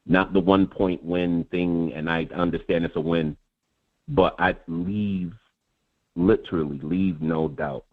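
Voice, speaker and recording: A man in casual sports chat, talking in an animated way and repeating words as he builds his point. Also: low voice. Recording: tinny phone-like line.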